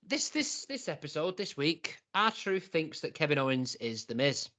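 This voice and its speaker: A young man talks through a wrestling show with a friend, lively and quick to laugh. His voice sits a bit high and rings bright and forward. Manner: animated, laughs often, acts out quotes. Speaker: wrestling podcast co-host. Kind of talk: casual review chat.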